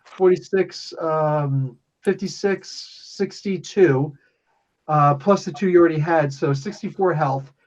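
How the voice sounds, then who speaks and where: A man runs a tabletop game, his voice sitting a little high. He jokes and laughs often as he narrates, and the recording sounds dull and lo-fi. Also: unhurried. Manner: laughing often, loose and joking. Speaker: game master.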